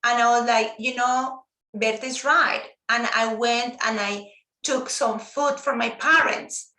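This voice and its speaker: A woman whose first language is Spanish speaks in a high, bright voice, earnest and heartfelt, often circling back over her own words. She talks over a video call in an echoey room. The voice carries a casual live-stream feel. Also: normal speed. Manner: earnest, heartfelt, many restarts. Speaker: guest teacher.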